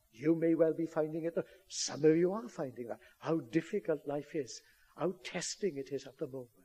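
A man preaches a sermon in a fairly high voice with a husky edge. He speaks earnestly and pushes into emphatic appeals to his listeners. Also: dark tone.

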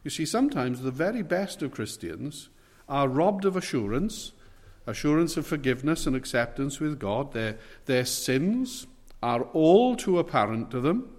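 A man preaching a sermon in a slightly high voice, measured and earnest, pressing hard on the words that matter. His voice rings out with a long hall reverb around it. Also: big pitch swings. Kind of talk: expository sermon.

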